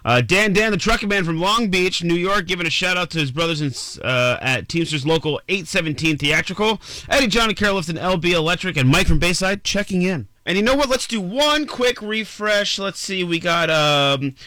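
A man hosting morning radio, reading listener shout-outs aloud in a quick, playful way. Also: high voice, animated, dry recording. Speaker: radio show host.

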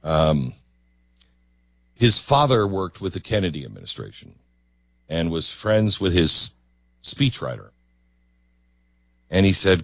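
A man hosting a political talk radio show, ranting and mocking in a sarcastic, animated monologue. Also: deep voice, moderate pace, long pauses, no echo, clean studio sound.

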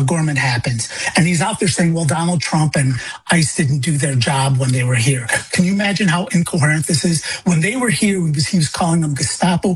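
A man's voice: on the high side, slightly rough, no room sound, rough recording. A man from Illinois, a grieving father and guest on a radio talk show, speaking heatedly with stumbling restarts and repeated words. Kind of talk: phone-in radio interview.

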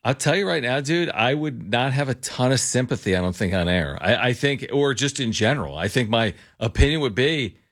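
Animated American sports radio co-host. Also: male voice, medium pitch, brisk, hardly any pauses. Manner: animated, says "dude" and "like" often. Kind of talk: casual sports talk.

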